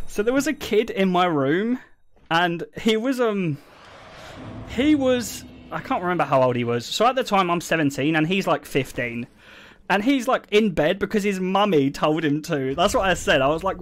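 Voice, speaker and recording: A young man telling stories to his stream chat in a casual, animated way, swearing and laughing often. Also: sits high, moderate pace, slight background noise.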